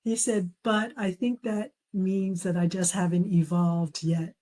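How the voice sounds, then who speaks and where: A middle-aged woman speaks as an interview guest, a memoir author recounting her family's reactions. Her voice is dark and mellow. She tells stories warmly, laughing as she quotes relatives. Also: fairly low pitch, fairly even intonation, a little slow, low-quality recording. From raised in a traditional Chinese family. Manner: warm storytelling, quotes family members, laughs often. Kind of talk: conversational interview.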